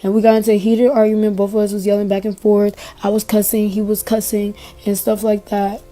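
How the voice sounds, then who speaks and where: This young woman's mid-range voice is flat and dark, moving at a fairly quick clip. In a casual, emotional retelling of her own story, she voices the things other people said to her.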